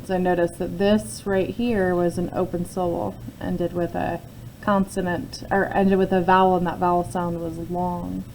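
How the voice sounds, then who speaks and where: Brief: woman teacher, lower mellow voice, patient step-by-step phonics lesson, faint noise behind. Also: little pitch movement, normal speed, rough recording. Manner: patient, explains step by step with frequent "okay?" check-ins. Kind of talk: phonics lesson, talking through a word sort.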